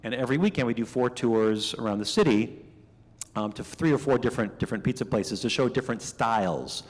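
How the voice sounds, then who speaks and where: A middle-aged man from Minnesota giving a conversational keynote speech, telling stories with lively asides. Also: medium pitch, brisk. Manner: chatty, animated storytelling with asides. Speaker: keynote speaker. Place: banquet hall. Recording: reverberant banquet hall.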